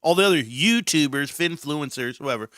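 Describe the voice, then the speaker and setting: Bright, jokey livestream host man. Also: a little high, lively intonation, moderate pace, no echo, studio quality. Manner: jokey, rambling, swings from mock-proper to loud banter. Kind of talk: casual rambling livestream talk.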